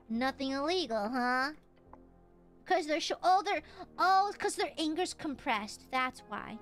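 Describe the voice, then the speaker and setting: A woman's voice: high-pitched, expressive, unhurried, fairly bright tone, faint music behind. A woman streaming a video game, chatting casually in a playful, crude way and laughing often.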